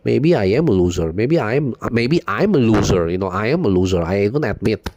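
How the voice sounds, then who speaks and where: A man with a low, mellow voice talks straight to his viewers in a loose, unscripted monologue. He loops back on his own phrases and leans on "you know" again and again, with bitter swearing throughout. The sound is dry and close. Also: lively intonation, a little fast, no echo. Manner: rambling, repeats "you know" constantly, profane and bitter. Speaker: video blogger.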